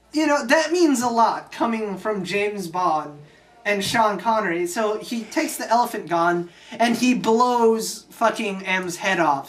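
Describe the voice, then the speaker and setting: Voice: mid-range voice, fairly bright tone. A young adult channel host casually recapping a movie, rambling and swearing often. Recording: distant mic with faint hiss.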